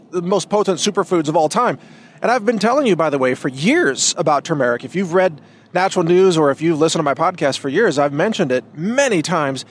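A man hosting a podcast, talking in a casual monologue that rambles and restarts, with emphatic stresses. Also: fairly high pitch. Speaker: podcast host.

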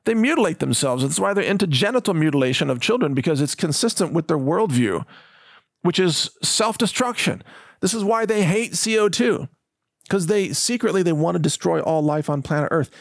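A man's voice: a little high, animated, brisk, gravelly, no echo. Indignant man ranting on a dry mic. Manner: emphatic, indignant, mocking. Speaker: host. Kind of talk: ranting monologue.

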